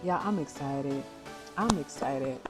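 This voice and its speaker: A young woman who hosts livestreams and breeds dogs chats in an upbeat, motivational way, often checking in with viewers. Her voice rumbles low at a slow pace, with soft music playing behind her.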